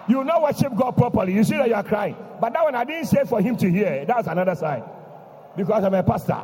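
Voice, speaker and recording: A man preaching, telling a story dramatically and breaking into shouts. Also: high voice, sing-song, fast talker, long reverb tail, slight background noise. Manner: dramatic, bursts into shouting, repeats a refrain. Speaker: pastor. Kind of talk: sermon storytelling. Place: church.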